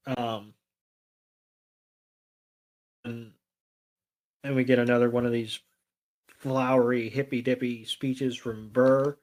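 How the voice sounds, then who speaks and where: A man's voice: mid-range voice, level tone, a little slow, long pauses, darkish tone. A man co-hosting a podcast, retelling a cartoon episode with sarcasm and heavy swearing. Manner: profane, sarcastic retelling with mock voices. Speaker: podcast co-host. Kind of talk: casual episode recap.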